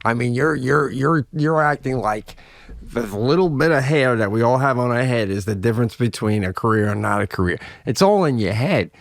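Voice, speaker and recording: A man's voice: mid-range voice, animated, normal speed, no room sound. A man co-hosting a casual comedic chat, laughing often and reassuring his friend. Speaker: co-host.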